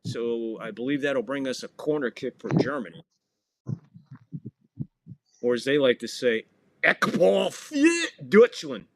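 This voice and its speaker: Speaking in a steady mid-range voice, a little slowly and with frequent pauses, a man gives laid-back live commentary on a football match for his podcast. The recording is dry, and he cracks jokes while playfully butchering foreign names.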